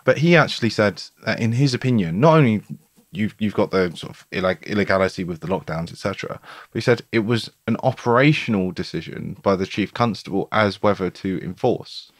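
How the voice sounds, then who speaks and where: A man's voice: lowish voice, fairly quick, dry recording, clean studio sound. A man hosting a podcast, talking in a blunt, chatty, colloquial way in casual conversation. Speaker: podcast host.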